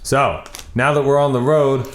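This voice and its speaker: A man co-hosting a podcast in casual chat, animated, swearing freely and now and then breaking into silly voices. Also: medium pitch, moderate pace, reverberant. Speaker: podcast co-host.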